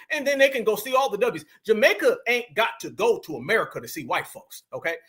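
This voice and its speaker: A man's voice: high voice, bright, forceful tone. A man hosting a commentary show, talking emphatically in slangy, preacher-like bursts. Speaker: commentary host. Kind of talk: reaction commentary.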